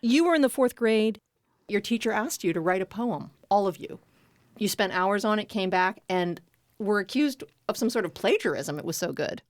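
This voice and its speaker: A woman's voice: mid-range voice, expressive, normal speed, dry recording, studio quality. A woman hosting a podcast interview, playful and upbeat, telling jokes between questions. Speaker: podcast host. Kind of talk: casual interview chat.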